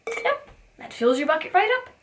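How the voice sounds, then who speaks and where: A woman teaching a preschool circle time, asking gentle questions in a sing-song teacher voice. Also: very high voice, big pitch swings, moderate pace, a little hiss or hum. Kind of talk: circle time lesson for young children.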